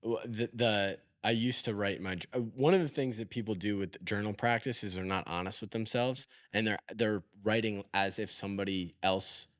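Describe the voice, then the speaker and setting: Low-voiced man, dry close sound. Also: no echo. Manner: thoughtful, halting, with many restarts. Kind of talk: conversational podcast interview.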